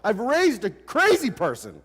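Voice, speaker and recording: A baffled, exasperated middle-aged mother, as a man puts her on in a sermon, her voice shooting up high and shrill in disbelief. The sound rings out with the long reverb of a big church hall. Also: huge pitch swings, a little slow, fairly bright tone, husky, heavily acted.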